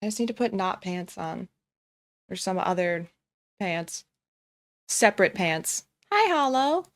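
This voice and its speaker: A young woman streamer gives casual reaction commentary, breaking into giggles again and again as she talks. Her mid-range voice is expressive and her pace measured.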